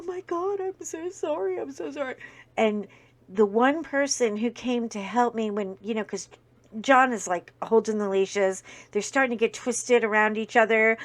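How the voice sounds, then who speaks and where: A woman hosting a casual crafting video, telling an anecdote with many fillers and acted-out quotes. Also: medium pitch. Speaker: video host. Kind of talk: casual storytelling while diamond painting.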